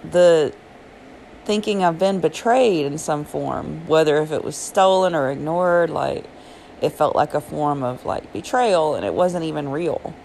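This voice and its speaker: A woman's voice: low-pitched, darkish tone, a little hiss or hum, low-quality recording. A woman hosting a solo podcast, talking through her thoughts in a rambling, chatty way, full of fillers and small laughs. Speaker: podcast host. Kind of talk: solo reflective podcast monologue. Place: Jacksonville.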